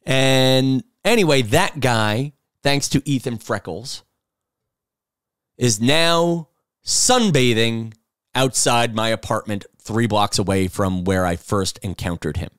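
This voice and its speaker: A middle-aged New man rambles through a casual podcast monologue, animated and storytelling as he goes. His voice sits at an ordinary pitch, recorded dry and close with no room sound. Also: takes it slowly, clear, resonant tone, dry recording. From New York City. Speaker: podcast host.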